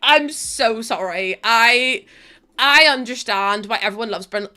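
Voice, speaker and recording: A woman's voice: a little high, expressive, moderate pace, pushed and bright, clean tone. A woman with a Northern Irish accent chatting casually on a live stream, laughing often and thanking viewers by name. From Northern Ireland.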